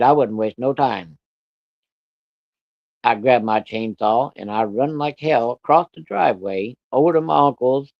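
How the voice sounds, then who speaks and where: Man, casual storytelling, folksy, salty language, country grammar, mid-pitched voice, slightly dull lo-fi sound. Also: no room sound.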